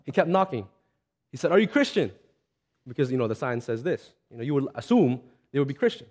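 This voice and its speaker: A man's voice: medium pitch, animated, quick pace, a little mellow. A man preaching a sermon in a conversational, earnest way, telling stories and acting out the voices of the people in them. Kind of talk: sermon with storytelling.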